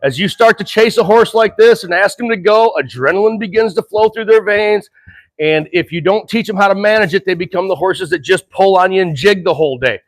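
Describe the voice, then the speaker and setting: Earnest middle-aged man trainer, fairly high voice. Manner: earnest and animated, laughs between thoughts, slows to calm exhales. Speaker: horse trainer. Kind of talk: casual horse-training demonstration.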